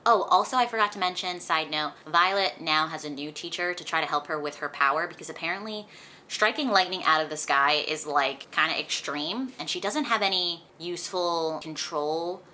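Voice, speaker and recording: A young woman chatting through a book recap for her vlog, animated and full of "like", recorded at home. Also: sits low, normal speed, slight background noise. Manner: chatty, animated retelling with lots of "like". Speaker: book vlogger. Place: indoors at home, sunlight on her face.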